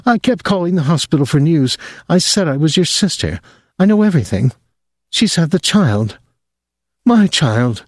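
A male narrator voicing an obsessed young woman who speaks high, urgent and insistent. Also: big pitch swings, normal speed, no room sound, studio quality. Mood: intense.

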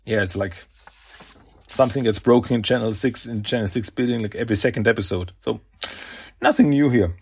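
A man hosting a podcast, casually recapping a comic in a chatty, animated way and slipping into character voices. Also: medium pitch, a little fast, husky. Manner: chatty, animated retelling with laughs and voiced asides. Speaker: podcast host.

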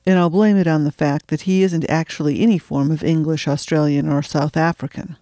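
Mellow-voiced woman reading her own mystery. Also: lowish voice, no echo, clean studio sound. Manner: wry, chatty and self-deprecating. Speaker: podcast host and fiction reader. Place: home attic.

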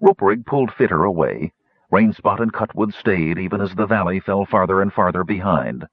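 A man narrating a fantasy audiobook with expressive, varied storytelling. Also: deep voice, a little fast, no room sound. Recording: dull lo-fi audiobook recording.

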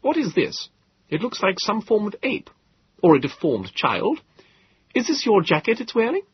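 A man voicing an eager, brusque young Victorian gentleman inventor in an audiobook, speaking excitably and abruptly. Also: sits high, moderate pace, breathy edge, dull audio, pitched above the performer's own voice, exaggerated voice. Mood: astonished. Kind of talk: audiobook character voice.

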